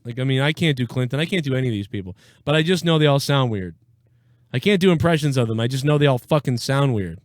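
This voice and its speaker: A man's voice: medium pitch, lively intonation, fast talker, dry recording, clean studio sound. A man hosting a casual live call-in show, rambling and profane, laughing easily. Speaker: live show host taking calls.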